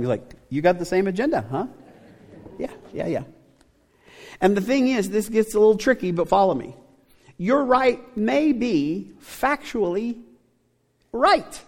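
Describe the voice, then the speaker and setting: Middle-aged male pastor, conversational sermon, rhetorical questions, slightly high voice, long church reverb. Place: church sanctuary.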